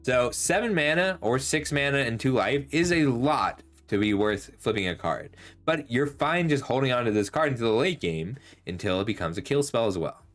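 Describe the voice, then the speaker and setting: Lively-voiced man reviewing game cards. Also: medium pitch, normal speed, soft background music. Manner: chatty and analytic, with frequent ums and self-corrections. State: slightly losing his voice. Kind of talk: casual card set review.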